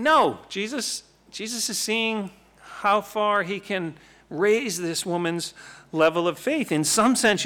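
Guy teaching bible stuff, chatty and animated, kinda bright higher voice. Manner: conversational, animated, asks rhetorical questions.

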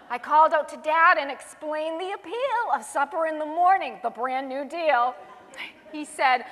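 A woman reading her own rhyming children's poem aloud in a sing-song, expressive way. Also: sits high, normal speed, big-room sound.

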